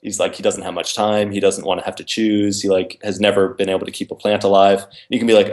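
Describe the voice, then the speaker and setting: A man's voice: fairly low pitch, level tone, fast, hardly any pauses, darkish tone. A man, an author and interview guest, explaining his ideas in casual conversation and acting out both sides of imagined dialogues.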